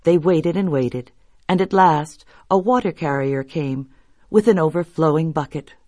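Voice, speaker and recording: A woman reading folktales aloud as a storyteller, measured and expressive. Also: sits low, no room sound, clean studio sound. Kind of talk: scripted narration of folktales.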